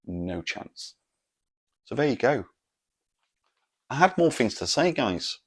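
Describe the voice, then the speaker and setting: A man's voice: mid-range voice, very animated, takes it slowly, husky. A man hosting a solo comedic podcast, telling a story in an exasperated rant full of swearing. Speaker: podcast host.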